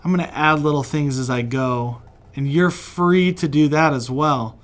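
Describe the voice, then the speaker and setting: A man's voice: a little high, measured pace. A man from West Virginia, chatty and encouraging, teaching a children's drawing lesson while he sketches. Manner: friendly, chatty, encouraging, laughs often. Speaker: kids' art teacher.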